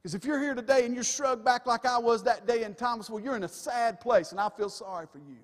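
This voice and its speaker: High-voiced preacher in a reverberant church. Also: male voice, fast talker. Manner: emphatic, folksy asides to the congregation. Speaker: pastor. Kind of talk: sermon. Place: church sanctuary. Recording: long reverb of a church hall.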